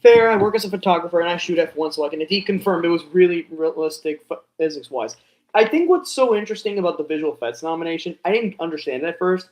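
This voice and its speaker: A young man talks through a live reaction in a loose, rambling way, tossing in "bro" and "dude." His voice sits a little on the high side for a man. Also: lively intonation, fast talker, a little mellow. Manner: rambling, self-talking, says bro and dude. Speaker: vlogger reacting to an awards show. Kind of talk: casual live reaction chat.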